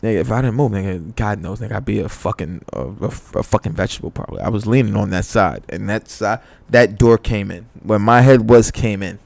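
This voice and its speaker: A man's voice: fairly low pitch, a little fast, gravelly, few pauses, darkish tone, dry recording. A man telling a story in a loose, profane, casual chat. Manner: loose, profane storyteller who acts out dialogue.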